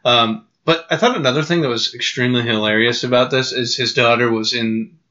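A man's voice: medium pitch, steady tone, brisk, sharp tone, lo-fi sound. A man hosting a casual podcast chat, laughing often as he tells stories and acts out quotes. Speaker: podcast host.

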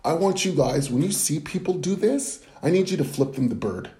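A man's voice: fairly high pitch, animated, normal speed, dark tone. A man performing a rambling comedic monologue to the camera, swinging between flustered apologies and mock-earnest preaching.

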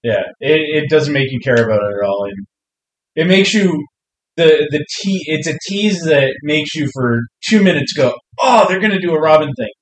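A man giving his views in a casual comics chat, speaking in a thoughtful way and slowing down to stress his points. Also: on the high side, expressive. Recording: echoey room.

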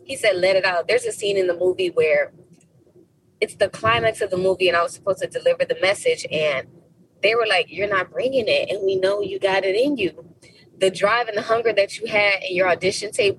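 A young adult woman, an actress guest on a podcast, telling her story with feeling, acting out quoted lines with big leaps in pitch. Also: a little fast, distant mic, slight background noise, rough recording. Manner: animated, emotional, acts out quotes with big pitch jumps; heartfelt, faith-filled tone.

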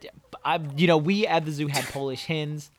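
A man co-hosting a podcast, telling stories in a relaxed, easygoing way and laughing often. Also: a little high, brisk, background noise. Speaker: podcast co-host. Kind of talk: casual chat.

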